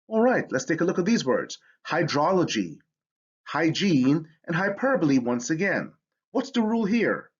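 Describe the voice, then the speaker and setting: A man's voice: a little high, sing-song, moderate pace, husky, dull audio. A man teaching a spelling lesson, explaining with enthusiasm. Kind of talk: educational lesson.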